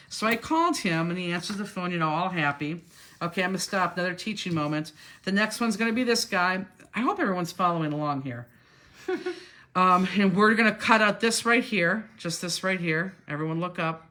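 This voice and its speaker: A woman's voice: on the low side, brisk, bright, forceful tone. A woman teaching a crafting class live, telling a long rambling story while she works and acting out what other people said. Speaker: crafting instructor.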